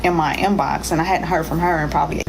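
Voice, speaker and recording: A young woman from Indiana recounts what happened to her. Her voice sits a little low, and she retells each step in a breathless, urgent way. A steady, clearly heard noise runs behind her. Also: quick pace. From Indiana, USA. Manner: retells events breathlessly, acting out her own panicked voice in quotes. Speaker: storyteller in a played clip. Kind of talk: emotional personal story.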